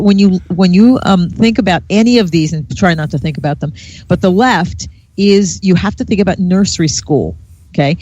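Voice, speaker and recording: A man's voice: high-pitched, no room sound, highs cut off. A man in casual political chat who scoffs at the other side and speaks with open indignation.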